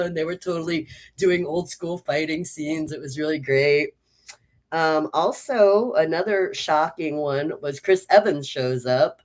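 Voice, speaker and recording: A woman giving a casual spoken movie review, chatty and enthusiastic, with lots of "like" and "um". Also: low-pitched.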